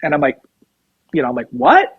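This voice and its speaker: A man's voice: fairly high pitch, brisk, no echo, phone-quality sound. Chatty man telling a story, dry mic. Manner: rambling anecdotes, acts out quoted dialogue. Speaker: guest musician, drummer. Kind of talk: casual storytelling interview.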